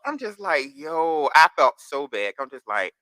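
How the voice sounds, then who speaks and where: A man's voice: on the high side, sing-song, measured pace, sharp tone, no room sound. A man as a podcast guest, telling candid stories in casual chat and slipping into the voices of people in them. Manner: candid storytelling, slips into voices of others.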